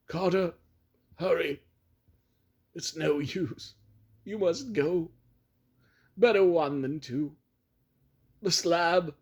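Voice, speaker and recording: A man's voice: fairly high pitch, extremely slow, pauses often, breathy edge, voice pushed up, exaggerated voice. A man voicing a desperate young man trapped underground, pleading and crying out in panic. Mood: resigned. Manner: frantic, pleading, breaking into shrieks.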